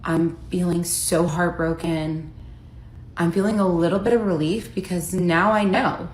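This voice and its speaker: A woman's voice: fairly low pitch, fairly even intonation, a little slow. A woman in her thirties from the United States earnestly recounting a personal story in a vlog. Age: 30s. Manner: earnest, emotional retelling, reading out texts. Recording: echoey room with faint ambient noise.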